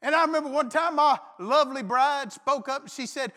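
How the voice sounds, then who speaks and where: A middle-aged man preaching a folksy, animated sermon full of stories, sometimes shouting. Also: very high-pitched, fairly quick. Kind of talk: sermon with storytelling. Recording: long hall reverb.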